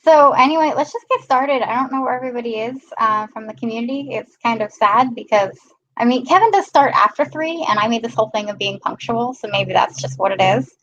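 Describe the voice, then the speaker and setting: A woman's voice: a little high, lively intonation, fairly quick, a bit bright, muffled recording. Chatty woman hosting a live stream. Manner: chatty, greets viewers by name. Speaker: live-stream host filling in. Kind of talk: casual live-stream chat.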